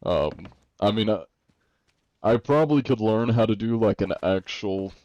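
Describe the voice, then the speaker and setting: American man, streamer, low mellow voice, rambling casual chat, dull lo-fi audio. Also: lively intonation, measured pace, no echo. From United States. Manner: rambling, laughing, many fillers.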